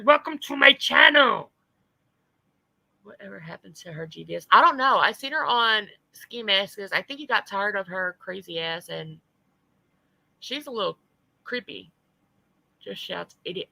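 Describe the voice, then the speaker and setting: A woman's voice: medium pitch, vocal fry, pushed and bright, no echo, rough recording. A woman hosting a livestream, talking in blunt, profane, casual chat. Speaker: livestream host.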